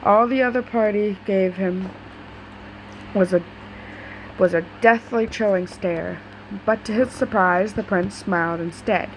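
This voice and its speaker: Woman reading fanfic out loud, casual, trips on words, mid-pitched. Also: measured pace, pauses often, a little hiss or hum, poor audio. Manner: casual, stumbling, swears in asides. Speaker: story reader. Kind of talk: reading fan fiction aloud.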